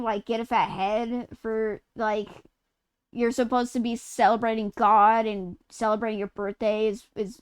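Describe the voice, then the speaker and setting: A woman's voice: fairly high pitch, clear, resonant tone. A woman streamer from Utah chatting casually and rambling through a story while gaming, swearing and laughing mid-sentence.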